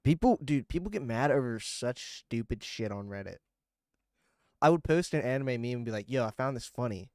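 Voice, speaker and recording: A man's voice: mid-range voice, animated, normal speed, a little mellow, dry recording. Young man, casual stream chatter, swears a lot, dry close sound. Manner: loose, swearing, easily irritated rambling. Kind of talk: casual livestream chat with viewers.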